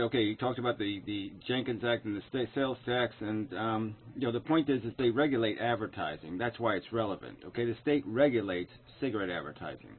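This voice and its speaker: The speaker is a video commentator with a medium-pitched, slightly rough voice. In a tinny, phone-like recording, he angrily dissects another man's claims with plenty of profanity and sarcasm.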